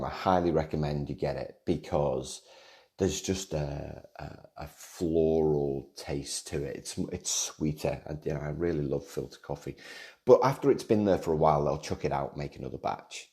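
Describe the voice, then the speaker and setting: A man's voice: extremely low pitch, gravelly, a little mellow. A man hosting a casual solo podcast, rambling along with frequent restarts, repeated words and self-deprecating jokes. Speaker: podcast host.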